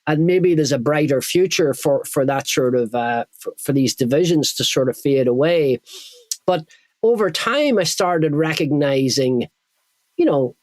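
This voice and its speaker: A man's voice: on the high side, lively intonation, measured pace, a little mellow, no room sound. A middle-aged Irish man being interviewed on a podcast, talking earnestly and often restarting as he searches for words. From Ireland. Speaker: guest.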